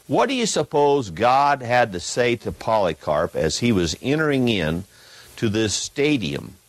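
A man preaching an emphatic sermon in a church, reading a text aloud and swinging between loud peaks and low asides. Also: no room sound, low-quality recording.

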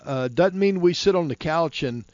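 A man's voice: a little high, animated, normal speed, darkish tone, no room sound, highs cut off. A man hosting a Christian talk show on being prepared, talking in a folksy, rambling way with many restarts. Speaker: host.

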